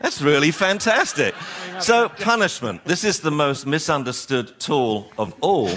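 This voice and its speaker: A man giving a lively talk to an audience as a dog trainer, acting out owners and dogs in funny voices. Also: a little high, unhurried.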